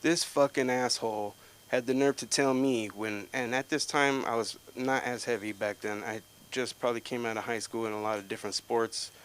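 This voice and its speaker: A man's voice: mid-range voice, fairly even intonation, normal speed, a little hiss or hum, rough recording. Profane man telling a stand-up story. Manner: profane, rambling storytelling, loud outbursts for quoted people. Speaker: stand-up comedian. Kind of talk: open mic stand-up story. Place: comedy club stage.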